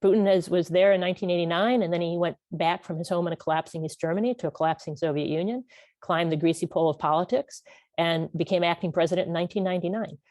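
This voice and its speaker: A middle-aged woman historian, discussing her book in a measured, analytical way and repeating key words for emphasis. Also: on the low side, a little mellow, no echo. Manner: precise, repeats words for emphasis, restarts phrases. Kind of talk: academic talk, measured and analytical.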